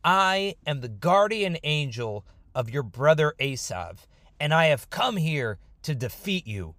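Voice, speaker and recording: A man's voice: a little high, very animated, unhurried, a bit bright, dry recording, studio quality, heavily acted. A man voicing a mysterious male angel, smug and teasing in an offhand, casual way. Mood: boastful.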